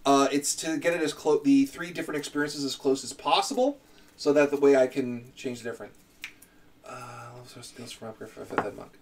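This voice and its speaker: A man's voice: mid-range voice, steady tone, fairly quick, far from the mic. A man from Canada, chatting casually on a live stream in a rambling, self-mocking way while he builds a character.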